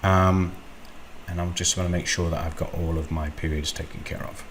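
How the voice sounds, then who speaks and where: A man hosting a screen-recorded software walkthrough, unhurried and thinking aloud with frequent ums. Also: sits low, flat delivery, slight background noise. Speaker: tutorial host.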